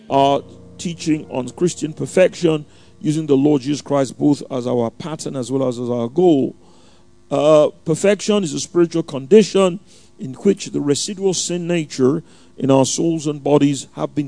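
A man preaching a sermon in a church, opening with a measured, fervent prayer and then teaching with frequent restarts and fillers. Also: a little high, gravelly, mellow, faint music behind.

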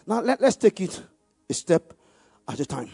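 A man preaching, leading the congregation in call-and-response and rising to loud exclamations on key words. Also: high-pitched, normal speed, vocal fry, husky, dry recording, soft background music. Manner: animated call-and-response, leads the congregation to repeat verses. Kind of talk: sermon.

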